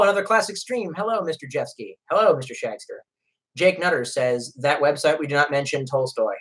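A man's voice: fairly high pitch, lively intonation, a little fast, fairly bright tone, husky. A man chatting casually on a live stream, reading viewer comments aloud and rambling with lots of profanity and self-deprecating jokes.

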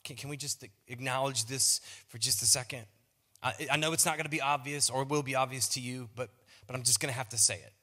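A man's voice: medium pitch, quick pace, sharp tone. A male pastor preaching a sermon in a playful, self-mocking way, often repeating words. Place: large church auditorium. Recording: long reverb of a church hall.

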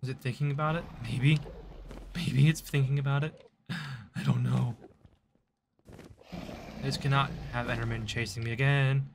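A man's voice: mid-range voice, steady tone, normal speed, slight background noise. A man giving live gameplay commentary, chatting to the creatures on screen and breaking into startled outbursts. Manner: chatty, talks to game mobs, frequent startled outbursts. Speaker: gaming YouTuber.

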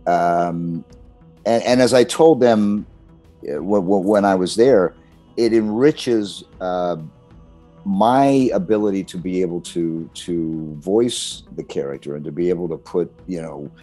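An older man speaks as a guest in a relaxed interview. His voice sits very low, and he reflects aloud with easy chuckles and restarts. Faint music plays underneath. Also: measured pace. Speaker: guest voice actor. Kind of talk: casual interview chat.

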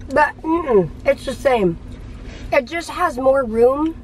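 A woman's voice: sits high, animated, slow pace, slight background noise. A woman chatting casually for a vlog, playful and making dry jokes. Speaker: vlogger.

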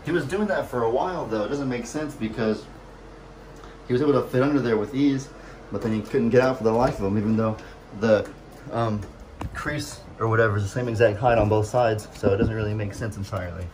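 A man's voice: on the low side, steady tone, brisk, a little mellow, faint music behind. A man vlogging outdoors on a farm in a casual, chatty way, cooing fondly at the animals in a baby voice. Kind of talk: casual chat to camera.

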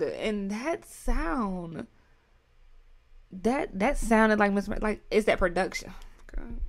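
A woman's voice: medium pitch, creaky. A woman chatting casually as she reacts to an album, effusive and slangy, talking back to each song. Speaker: music reaction YouTuber.

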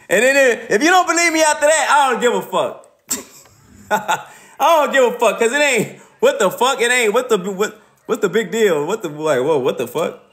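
A man's voice: very high voice, expressive, normal speed, fairly bright tone. A man ranting casually on a livestream, profane and laughing often.

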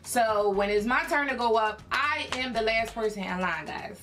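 A young woman from Philadelphia telling a personal story in a casual vlog, chatty and animated, full of fillers and acted-out quotes. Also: a little high, moderate pace. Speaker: YouTube creator.

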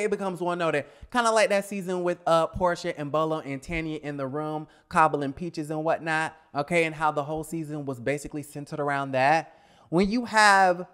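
A young man talks through a reality TV review in a sassy, blunt way, drifting into scatterbrained asides. His voice sits a bit high and comes through smooth and clear, even though he is getting over a cold. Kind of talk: casual review vlog.

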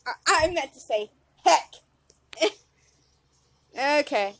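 A woman giving live gameplay commentary, excitable, often squealing and laughing. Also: high-pitched, slow pace, background noise. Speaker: gaming channel host.

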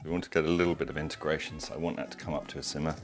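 Chatty deep-voiced man cooking. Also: fairly even intonation, rapid-fire, soft background music. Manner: chatty, digressive, enthusiastic. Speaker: cooking show host. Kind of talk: casual cooking demonstration. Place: home kitchen.

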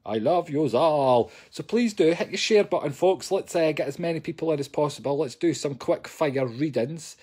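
A man's voice: mid-range voice, a little mellow, breathy edge. A man, a psychic medium, chatting cheekily and jokily to viewers on a live stream from his sofa at home into a phone. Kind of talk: casual live-stream chat.

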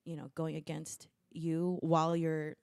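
A woman's voice: low voice, completely flat delivery, unhurried, vocal fry, darkish tone, slight background noise. A young American woman, a musician guest, chatting casually and acting out her parents' voices as she tells stories. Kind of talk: casual interview chat.

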